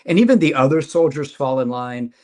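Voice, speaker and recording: A man talking through comics on a casual podcast, his voice at an average pitch. He rambles and hesitates, circling back on his points with fillers and restarts. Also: lively intonation, fairly quick. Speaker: podcast co-host. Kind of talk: casual chat about comics.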